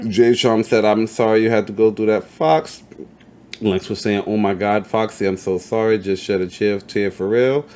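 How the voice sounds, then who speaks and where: A man hosting a casual interview, swearing freely and hyping up his guest while he reads chat comments out loud. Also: fairly low pitch, steady tone, moderate pace. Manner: profane, hype, reads chat comments aloud. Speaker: podcast host. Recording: faint background noise.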